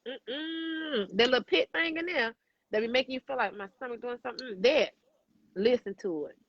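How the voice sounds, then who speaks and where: A woman's voice: fairly high pitch, lively intonation, fast, no echo, lo-fi sound. A woman hosting a podcast, talking candidly and emphatically, swearing freely and calling the listener baby. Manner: addresses listener as baby and boo. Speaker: podcast host.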